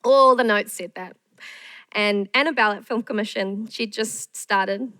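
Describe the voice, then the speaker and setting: A woman's voice: medium pitch, a little slow, sharp tone, no room sound, low-quality recording. A woman screenwriter giving a candid masterclass talk, frank and self-deprecating.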